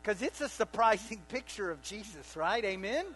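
A man preaching a sermon to a congregation. He swings between loud bursts and quiet asides, and keeps asking the room questions. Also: high voice, animated, normal speed, slight background noise, poor audio. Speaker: pastor.

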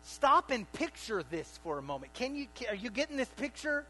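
A high-pitched male pastor delivers an animated sermon, climbing to loud emphatic lines and then dropping to hushed asides. He keeps checking in with the congregation through questions. A faint electrical hum sits under the recording. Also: fairly quick, poor audio. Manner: animated preaching, rising to loud bursts and dropping to quiet asides.

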